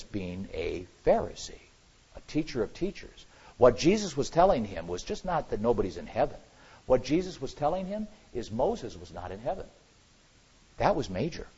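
A man preaches with big swings in pitch, rising to loud emphasis and dropping to quiet asides. His voice is husky and a bit higher than most men's. The recording sounds dull and lo-fi. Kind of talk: sermon.

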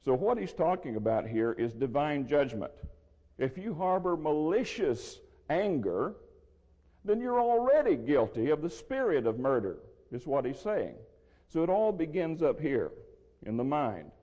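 Guy doing a bible study talk, mellow low-key voice, dry throat, long echo in a big room. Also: very animated. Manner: measured, explanatory, restarts phrases. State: dry throat, sipping water. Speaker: Bible teacher. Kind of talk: verse-by-verse Bible teaching. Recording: lo-fi with long hall reverb.

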